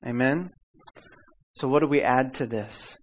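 A man's voice: mid-range voice, a little slow. A man preaching a casual sermon, calling out for amens and audience repeats, laughing as he tells stories. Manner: laughs often while telling stories. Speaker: pastor. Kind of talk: conversational sermon.

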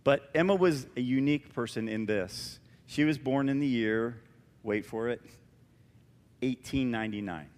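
A man preaching a sermon as pastor, animated and emphatic with a conversational touch, in a church. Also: medium pitch, normal speed, long reverb tail. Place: church sanctuary.

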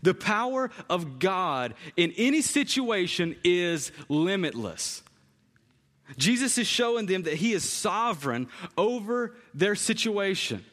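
A man's voice: high-pitched, sing-song, a little slow, fairly bright tone. A man preaching a conversational sermon in a church, often repeating phrases for emphasis. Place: church sanctuary. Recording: long hall reverb.

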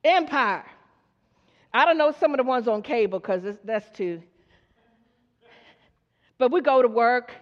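A woman's voice: fairly high pitch, measured pace, long pauses. A woman preaching a sermon to her congregation, asking them questions and acting out the characters in her story. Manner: call-and-response, asks the congregation questions; acts out story characters in quoted voices. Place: church hall. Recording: dull lo-fi recording with long hall reverb.

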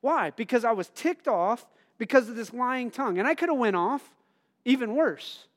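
A middle-aged man preaching a conversational sermon, asking the congregation questions and telling personal stories with bursts of loud emphasis. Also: very high-pitched, expressive, moderate pace. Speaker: pastor.

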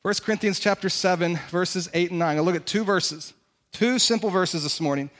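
A man preaching a sermon as pastor, in an animated, conversational way and asking the congregation questions. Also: high voice, moderate pace. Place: church sanctuary.

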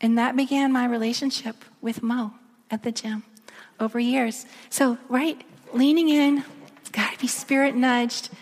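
A woman giving a sermon, telling a story and dropping to a soft near-whisper at emotional moments. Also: fairly high pitch, steady tone, measured pace. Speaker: speaker. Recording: echoey long reverb of a large room.

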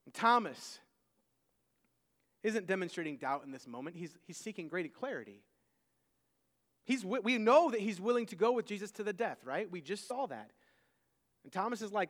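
A man with a very high voice delivers a sermon, pressing his points with emphasis. He often restarts and repeats words mid-thought. His voice carries a long reverb from a large hall. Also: lively intonation, moderate pace, long pauses. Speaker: preacher.

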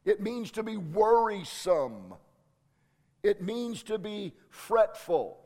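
Slow high-voiced preacher in a reverberant hall. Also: male voice, big pitch swings, a little mellow. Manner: slow deliberate preaching with dramatic pauses. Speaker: pastor. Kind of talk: sermon.

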